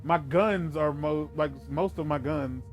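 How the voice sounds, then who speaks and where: A man's voice: fairly high pitch, unhurried, soft background music. A young man hosting a casual let's play, chatty and rambling while he plays. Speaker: gaming channel host.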